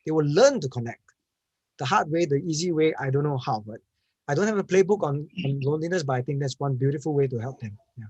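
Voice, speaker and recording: Husky man telling stories earnestly. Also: a little high, animated, quick pace, a little mellow, no echo, lo-fi sound. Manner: earnest, emphatic, repeats words as he restarts. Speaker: panel speaker on cyberwellness. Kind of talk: conversational storytelling answer.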